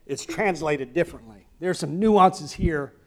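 A man with a Southern American accent preaching a sermon, swinging from quiet asides to loud, emphatic declarations. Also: a little high, moderate pace. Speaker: pastor.

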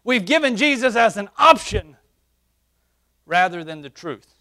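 A man preaching a sermon through a face mask, surging into loud, emphatic peaks and then dropping to hushed, low passages. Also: sing-song, unhurried. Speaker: pastor. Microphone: wearing a face mask while preaching.

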